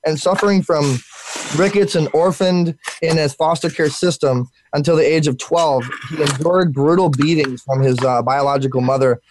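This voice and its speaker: A man's voice: on the high side, normal speed, background noise. Hyped-up male talk show host, sick. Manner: energetic, repeats words, many fillers. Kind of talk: live internet talk show.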